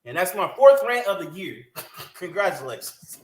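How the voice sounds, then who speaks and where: A woman's voice: medium pitch, sing-song, fairly quick. A woman co-hosting a sports podcast, ranting in a heated, emphatic way and cussing freely. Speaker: podcast co-host. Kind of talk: casual sports podcast rant. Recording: echoey room.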